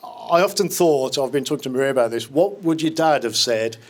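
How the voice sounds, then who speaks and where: A man's voice: medium pitch, expressive, fairly quick. Man in his fifties giving a fond wedding speech. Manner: fond, joking storytelling with small restarts. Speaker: wedding speaker standing in for the bride's father. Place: wedding reception hall.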